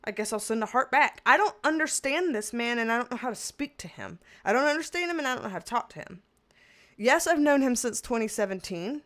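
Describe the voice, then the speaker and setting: Woman, high voice, chatty livestream host, laughs a lot, exasperated humor. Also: expressive, a little fast, fairly bright tone. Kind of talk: casual livestream chat reading comments.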